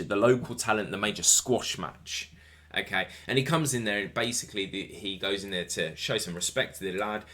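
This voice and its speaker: A man's voice: on the low side, fairly bright tone. A man giving a solo wrestling review, enthusiastic and rambling and swearing casually.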